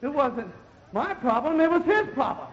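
A man preaching a fiery sermon as pastor, rising to shouted exhortation and dropping low again. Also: big pitch swings, normal speed, lo-fi sound.

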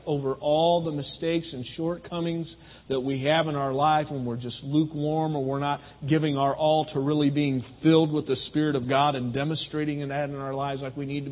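Male preacher, somewhat high voice, conversational sermon, thin phone-like audio with a long church echo. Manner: conversational preaching, rhetorical questions to the congregation. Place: church sanctuary. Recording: phone-like, with long hall reverb.

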